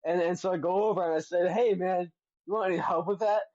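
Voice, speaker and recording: Young guy rambling thru a goofy story, kinda high voice, dull lo-fi dry sound. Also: fairly even intonation, darkish tone, dry recording. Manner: halting, many restarts, mock-serious storytelling. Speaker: podcast co-host. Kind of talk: rambling comedic anecdotes.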